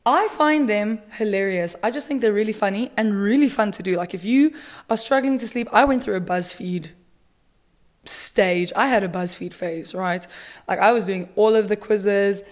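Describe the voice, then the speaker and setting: A woman's voice: mid-range voice, moderate pace. A young woman from South Africa hosting a solo podcast, chatting casually with dramatic rants and plenty of filler words. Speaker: podcast host.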